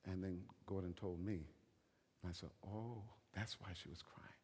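A man preaching a sermon as a bishop, telling a story and swinging between hushed whispers and loud, emphatic preaching. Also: deep voice, fairly even intonation, normal speed, husky, big-room sound.

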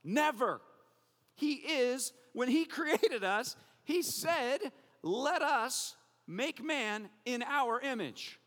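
Male pastor, high bright voice, lively conversational sermon, long hall reverb. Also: drawn-out words. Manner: animated, conversational preaching with playful asides.

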